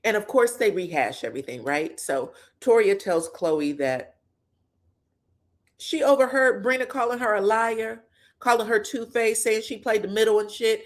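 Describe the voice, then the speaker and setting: A woman hosting a casual recap show, telling the story in a blunt, slangy and chatty way. She swears freely and talks to the viewer as a friend. Her voice sits at an ordinary middle pitch for a woman. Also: lively intonation, moderate pace. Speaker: pop culture commentator.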